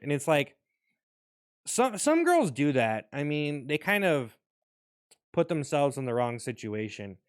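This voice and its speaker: A man's voice: on the high side, very animated, unhurried, fairly bright tone, clear, resonant tone, dry recording, studio quality. A young adult man vlogging in a rambling, profane casual rant, often restarting his sentences.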